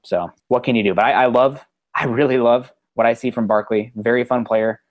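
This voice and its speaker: Fast-talking man analyzing draft prospects. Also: medium pitch, fairly even intonation, dry recording. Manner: quick, assured analysis with fillers. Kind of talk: casual sports podcast chat.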